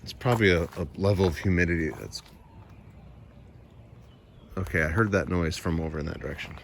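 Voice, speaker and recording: A man vlogging on a walk with his cat outdoors, chatting in a soft, rambling way. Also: low voice, expressive, fairly quick, vocal fry. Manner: soft-spoken, rambling, coos baby talk to his cat. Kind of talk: casual chat, talking to his cat and viewers. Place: outdoors in woods near a house. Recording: noticeable outdoor background noise.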